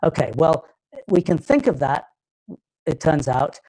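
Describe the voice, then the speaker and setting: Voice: mid-range voice, very animated, a little slow, a little mellow, poor audio. A lecturer with a British accent giving a live technical talk, often stopping and restarting phrases while thinking aloud.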